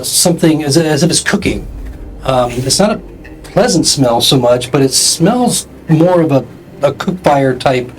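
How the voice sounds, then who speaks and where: A man running a tabletop game as game master, describing scenes at length with frequent pauses. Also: mid-range voice, low-quality recording.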